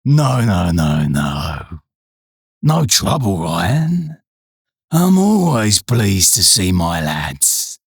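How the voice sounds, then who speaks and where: A man voicing a gruff, lazy, middle-aged male army stores boss with a slow, drawling manner and slangy grammar in a comic audiobook. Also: big pitch swings, no room sound, clean studio sound, exaggerated voice. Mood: lazy menace. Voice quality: gruff, low.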